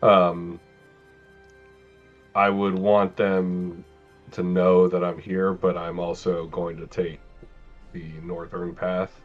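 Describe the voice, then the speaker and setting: Male player, very low voice, halting delivery, muffled lo-fi mic. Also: little pitch movement, soft background music. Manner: halting, many "um"s and restarts. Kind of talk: tabletop game play, casual chat.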